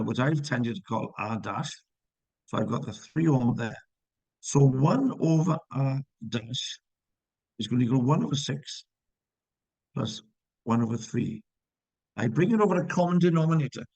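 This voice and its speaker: A man's voice: medium pitch, vocal fry, darkish tone, no echo, low-quality recording. A man teaching physics in a live online class, checking students' answers with encouragement and working through problems step by step.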